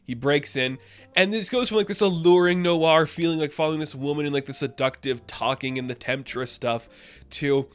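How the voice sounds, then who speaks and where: A man talks through a TV episode in a loose, rambling recap, tossing in "like" and "you know" as he goes. He gets excited at the wild parts, and faint music plays underneath. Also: fairly high pitch, moderate pace. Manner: excited, rambling, many fillers. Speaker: TV episode reviewer. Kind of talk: casual recap and review.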